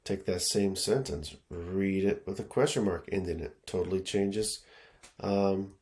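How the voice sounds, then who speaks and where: Speaking low and unhurried, a male education consultant gives a relaxed teaching talk to schools. He repeats himself, uses plenty of fillers, and keeps checking in with "okay?" and "right?".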